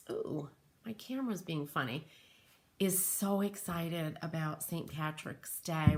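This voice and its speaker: Middle-aged woman, craft livestream host, casual chat, greets viewers, webcam mic, unhurried. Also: lowish voice, fairly bright tone. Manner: chatty, greets live viewers by name. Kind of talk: live-stream crafting chat.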